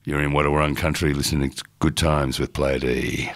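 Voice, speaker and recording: A man's voice: extremely low pitch, little pitch movement, brisk. A man working as a radio DJ, presenting casually in a chatty, rambling way with lots of fillers.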